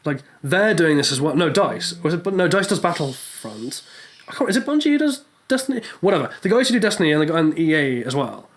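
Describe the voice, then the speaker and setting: Casting: young british podcast co-host, rambling, sweary, a touch higher pitched. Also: male voice, sing-song, brisk. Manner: rambling, laughs often, sweary. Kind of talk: casual chat.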